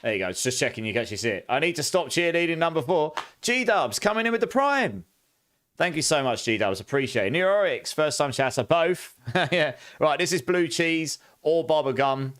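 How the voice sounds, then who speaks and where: A man's voice: fairly high pitch, animated, a little fast, few pauses, a bit bright. A young man chatting casually on a game live stream, thanking viewers and exclaiming often.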